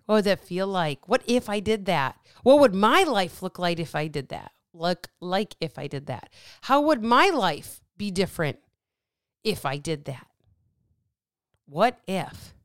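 A woman hosting a podcast alone from a small dark office, asking repeated rhetorical questions in a fired-up motivational monologue. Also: medium pitch, clean tone, no room sound, studio quality. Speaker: podcast host.

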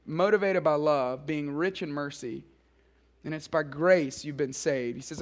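High-voiced man preaching with emphasis. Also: a little slow. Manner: earnest and emphatic, with repeated phrases. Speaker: speaker at a student summer gathering. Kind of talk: preaching a sermon.

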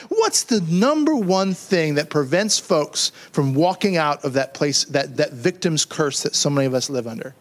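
Conversational male pastor preaching. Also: fairly high pitch. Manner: conversational, joking, repeats words when building a point. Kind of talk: sermon.

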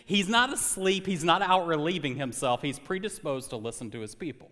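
A young man preaching a sermon as pastor, animated and conversational with touches of humor. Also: a little high, brisk, few pauses. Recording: long hall reverb.

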